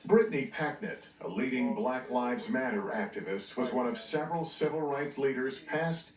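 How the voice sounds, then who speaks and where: A man giving measured, scripted documentary narration. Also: mid-range voice. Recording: roomy, distant mic, music bed.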